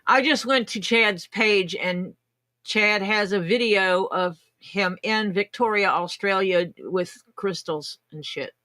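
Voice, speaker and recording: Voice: medium pitch, slow pace, pushed and bright, no echo. A co-host on a casual livestream podcast, talking in blunt, dry asides.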